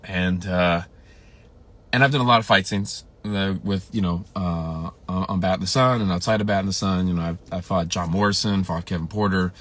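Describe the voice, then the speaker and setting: With a deep voice, fairly even intonation and a normal pace, a man recalls a late colleague during a casual livestream. He's a filmmaker, and his storytelling rambles with fillers and restarts. Now and then, emotion comes through.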